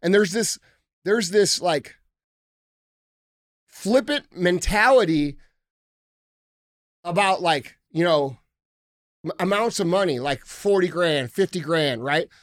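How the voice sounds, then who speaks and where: A middle-aged man hosts a podcast and talks in a fired-up, profane rant. His voice sits high for a man. The sound is close and dry, with no room echo. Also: expressive, slow, pauses often. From United States. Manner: blunt, profane, heated ranting. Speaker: podcast host. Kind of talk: casual podcast talk.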